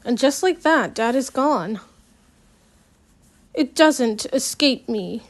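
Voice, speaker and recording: A woman reads a novel aloud at a slow, unhurried pace. Her voice sits a little high. She restarts lines and drops in small asides as she goes. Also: lively intonation. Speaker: audiobook reader. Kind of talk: unpolished audiobook narration.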